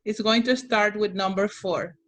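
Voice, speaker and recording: A woman's voice: medium pitch, steady tone, moderate pace. A woman teaching an online English class, patiently repeating instructions and checking that students understand.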